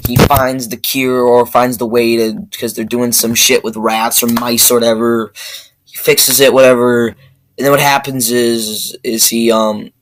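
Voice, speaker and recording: A man giving a rambling, profane movie review rant that keeps flaring up into loud outbursts. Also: mid-range voice, flat delivery, unhurried, low-quality recording.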